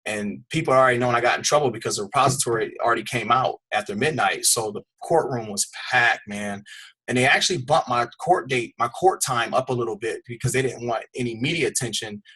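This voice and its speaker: Middle-aged male trainer, husky, candid conversational storyteller, mid pitch. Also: fairly quick, pushed and bright. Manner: candid, conversational, repeats words and uses "man". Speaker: fitness trainer telling his story. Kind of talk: personal storytelling on a call.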